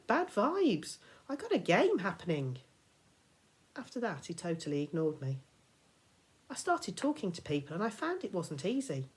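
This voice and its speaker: A woman teacher reading a children's novel aloud, expressive and dramatic, sometimes dropping to a whisper. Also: mid-range voice. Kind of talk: storybook read-aloud.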